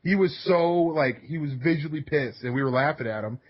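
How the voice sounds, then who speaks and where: A man's voice: on the high side, fairly quick. A man co-hosting a podcast in casual chat, laid-back, swearing often and laughing through his stories. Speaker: podcast co-host. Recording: dull lo-fi podcast audio.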